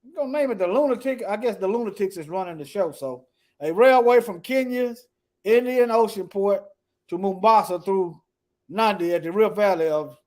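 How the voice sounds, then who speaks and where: A man with a notably high speaking voice, reading news articles aloud and commenting on them in a loose, off-the-cuff way. He hammers his points by repeating phrases and trips over words as he goes. Between points he drops to a quiet mutter, talking to himself. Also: normal speed. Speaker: political commentator.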